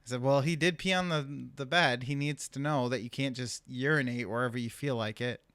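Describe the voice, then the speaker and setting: A man's voice: mid-range voice, brisk, a bit bright, smooth, dry recording. A young adult man on a casual podcast, telling a family story with frequent laughs. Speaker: podcast co-host. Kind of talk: casual chat.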